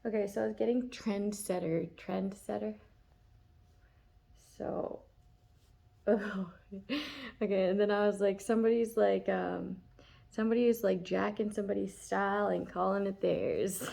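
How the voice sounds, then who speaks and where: A woman's voice: medium pitch, steady tone, measured pace, vocal fry, warm tone. A woman giving a casual, chatty tarot reading, laughing often and full of fillers. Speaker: tarot reader.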